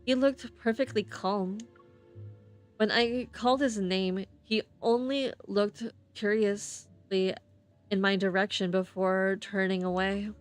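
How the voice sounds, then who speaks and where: Woman streamer, slow halting read-aloud of game text, lots of slips and restarts. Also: medium pitch, steady tone, clean tone, soft background music. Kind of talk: reading game narration on stream.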